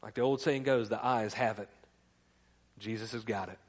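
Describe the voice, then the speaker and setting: A man's voice: lowish voice, steady tone, normal speed. A male pastor delivering a conversational sermon, stumbling over restarts and asking the congregation questions. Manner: conversational preaching with repeated restarts.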